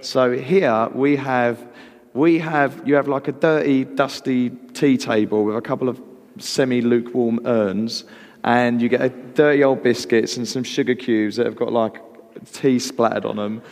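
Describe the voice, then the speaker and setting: A British man speaks at a middle pitch with a gravelly, creaky edge. He tells anecdotes before a live audience, animated and quick to mimic others. His voice rings with the long reverb of a large hall. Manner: lively, animated, acts out other people's voices. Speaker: actor guest. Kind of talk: anecdotal storytelling on stage.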